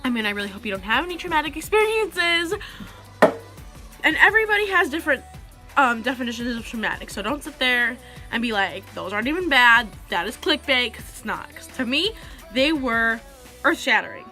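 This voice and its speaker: A teenage girl vlogs in a rushed, rambling storytelling style. Her voice sits a little high and sounds bright and sharp. Faint music plays underneath. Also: sing-song. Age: teenager, about 16. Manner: chatty, rambling, heavy use of "like". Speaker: vlogger. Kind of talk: casual storytelling to camera.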